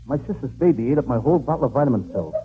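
A man doing a fast, wisecracking, whiny comic routine in a 1940s radio comedy. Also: mid-range voice, lively intonation, very noisy. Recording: tinny old radio broadcast with music.

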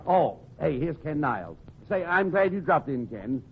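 A man's voice: on the high side, sing-song, normal speed. A man playing the scolding, exasperated straight man in 1940s radio comedy. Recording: dull old radio recording with faint hiss.

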